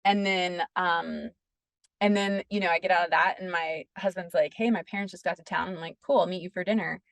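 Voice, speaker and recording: Gravelly-voiced woman telling a personal story. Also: lowish voice, steady tone, brisk, no room sound. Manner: earnest, peppers speech with "like". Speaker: podcast guest. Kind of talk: casual interview storytelling.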